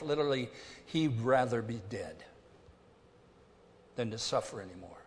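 A male pastor delivers a sermon at an unhurried, measured pace. His preaching is emphatic and deliberate, moving between hushed and forceful passages. The voice carries a long, lingering reverb from a large church sanctuary. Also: medium pitch, a little hiss or hum. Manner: emphatic, deliberate preaching with dramatic swings in volume.

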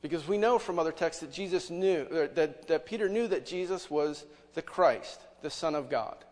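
Male pastor, sermon, chatty rhetorical style, voice a touch high, big sanctuary echo. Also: moderate pace. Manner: conversational preaching with rhetorical questions. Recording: long hall reverb.

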